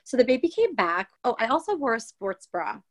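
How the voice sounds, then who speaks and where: A woman's voice: a little high, a little fast, no room sound. Young woman chatting, dry close sound. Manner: chatty, animated retelling with many quoted asides. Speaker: guest telling her birth story. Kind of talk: casual conversational storytelling.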